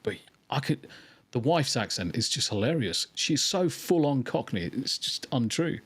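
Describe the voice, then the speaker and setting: A man's voice: mid-range voice, big pitch swings, normal speed, a bit bright. A man from England with a mixed English accent, a guest chatting casually on a podcast and telling stories animatedly.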